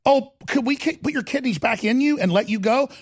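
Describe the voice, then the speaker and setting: A man putting on the voice of a callous male doctor, sneering and mock-casual, with a rough raspy tone. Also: very high voice, fairly quick, voice pushed up.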